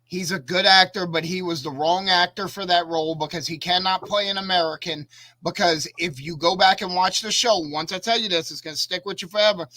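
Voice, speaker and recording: A man's voice: high voice, bright, forceful tone, no echo. A man co-hosting a casual podcast, talkative and opinionated, telling stories with animation. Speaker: podcast co-host. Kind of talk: casual chat.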